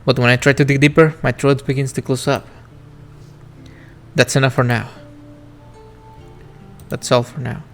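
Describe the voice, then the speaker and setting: A man reading a story game aloud on stream, his voice mid-pitched and steady. He lingers over the lines in a reflective, wistful way, with soft music faintly underneath. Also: moderate pace, long pauses. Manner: reflective, wistful reading of first-person narration.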